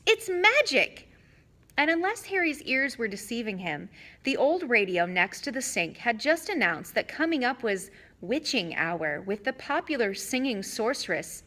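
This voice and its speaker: A woman reads a fantasy novel aloud as a storybook narrator. Her voice is fairly high and lively, rising and falling expressively through the sentences. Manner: expressive, animated reading. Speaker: audiobook reader.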